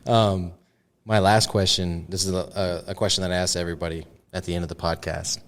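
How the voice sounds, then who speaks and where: A man's voice: sits low, level tone, fairly quick. A man hosting a podcast, asking questions in an easygoing way and laughing often. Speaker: podcast host. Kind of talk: casual podcast interview.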